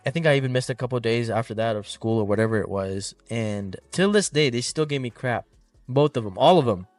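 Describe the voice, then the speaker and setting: A man's voice: medium pitch, lively intonation, a little fast, darkish tone, no room sound. A young man co-hosting a casual podcast, telling stories in a laid-back way and swearing now and then. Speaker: podcast co-host. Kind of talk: casual chat. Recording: slightly distant mic, dry room, faint music.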